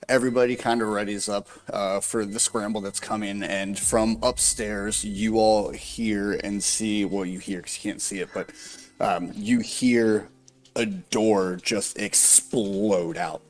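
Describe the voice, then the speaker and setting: A man narrating as dungeon master, unhurried and hesitant with many pauses and fillers. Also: on the low side, steady tone. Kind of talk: narrating a tabletop game.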